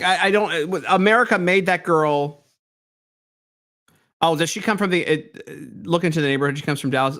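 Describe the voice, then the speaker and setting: A man's voice: fairly high pitch, fairly bright tone. A man hosting a live stream, reacting to clips in a rambling, incredulous way. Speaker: host.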